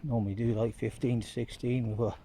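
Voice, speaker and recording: A man's voice: mid-range voice, fairly even intonation, brisk, dark tone. A man rambling through a casual walking vlog outdoors on town streets, chatting like a storyteller into a handheld phone. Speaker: vlogger.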